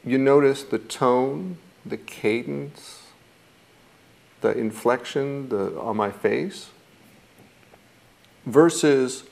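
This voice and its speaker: Gravelly-voiced man teaching mindfulness. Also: medium pitch, unhurried, long pauses, darkish tone. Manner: thoughtful, acts out quoted reactions. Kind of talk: reflective teaching talk.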